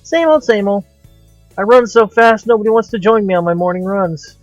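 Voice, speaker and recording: A man's voice: sits high, moderate pace, no room sound, lo-fi sound, soft background music, voice pushed up, natural voice. A man voicing a short, teasing schoolgirl who brags in a playful way while reading a visual novel aloud. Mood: bragging. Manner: boastful, playful.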